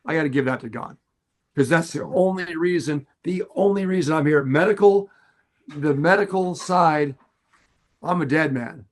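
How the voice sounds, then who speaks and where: A middle-aged man, a fishing guide, talking earnestly and warmly on a podcast, repeating phrases for emphasis. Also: fairly high pitch, moderate pace. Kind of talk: casual podcast talk.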